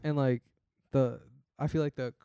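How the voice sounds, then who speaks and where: A man's voice: mid-range voice, fairly even intonation, moderate pace, mellow, smooth, no room sound. A man co-hosting a podcast in casual chat, talking loosely with frequent fillers and swearing. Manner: casual, swears, lots of likes and restarts. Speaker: podcast co-host.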